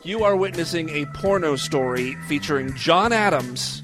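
A man's voice: a little high, lively intonation, measured pace, few pauses, over music. A man hosting a podcast, reading tweets and a story aloud with irreverent commentary and laughter. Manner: irreverent, laughs at own material. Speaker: podcast host.

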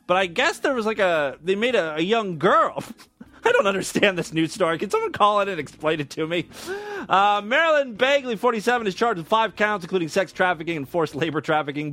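A sarcastic male host with a high voice rips through news items on a comedy show. His pitch swoops up and down as he breaks off reading to crack crude jokes. Faint music plays behind him. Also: pushed and bright. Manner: sarcastic, crude, reads news aloud with blunt asides. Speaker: podcast host.

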